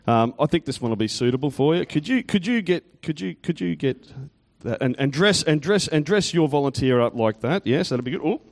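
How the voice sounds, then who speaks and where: Man, children's talk at church; high, bouncy voice, chatty and teasing with the crowd. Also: animated, brisk, darkish tone. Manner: chatty, teasing, quizzes kids and congregation. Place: church in front of a congregation.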